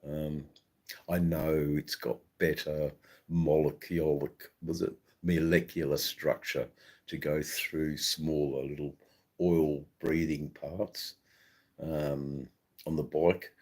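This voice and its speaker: A middle-aged Australian man with a broad Australian accent hosts his own live stream, reading out viewer comments as they come in. His voice sits extremely low, and he talks at an unhurried, slow pace. His chat rambles loosely, filled with ums and false starts. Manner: rambling, relaxed, many ums and restarts. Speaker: livestream host.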